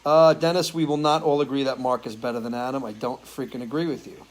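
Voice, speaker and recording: A man's voice: medium pitch, fairly even intonation, quick pace, poor audio. A man who sings and hosts a live stream, chatting loosely with viewers, answering their comments and swearing casually. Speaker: singer hosting a live stream.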